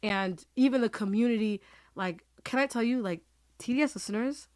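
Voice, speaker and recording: A woman's voice: a little high, normal speed, darkish tone, no echo. Earnest woman in a dry podcast chat. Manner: earnest, emotional, laughs easily. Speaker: podcast host. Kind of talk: casual heartfelt conversation.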